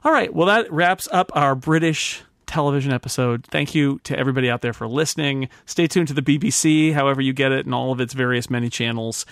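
A man's voice: medium pitch, fast, few pauses, a bit bright, dry recording, clean studio sound. A North American man hosting a podcast panel, chatty and jokey, laughing often as he wraps up. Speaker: podcast host. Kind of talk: casual panel podcast wrap-up.

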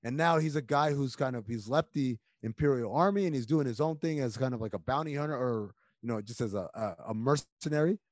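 A man talking casually and emphatically as a podcast guest, rambling with quick restarts. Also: medium pitch, dry recording, clean studio sound. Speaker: podcast guest, basketball analyst.

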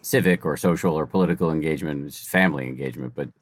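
Male interviewer, very low lively voice, dry close sound, sarcastic asides. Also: rapid-fire, dry recording. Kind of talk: conversational interview questions.

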